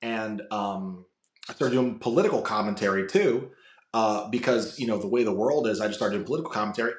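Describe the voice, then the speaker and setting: A man's voice: lowish voice, a little fast, a little hiss or hum. A man from the United States, a podcast guest, chatting casually in rambling stories full of swearing. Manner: rambling storytelling with frequent swearing. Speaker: guest, wrestling content creator. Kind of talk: casual interview chat. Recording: echoey room.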